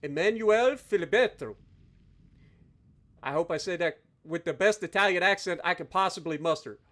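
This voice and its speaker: A man live-streaming a game, talking to his chat and thanking donors with loud, exaggerated reactions. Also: fairly high pitch, a little fast.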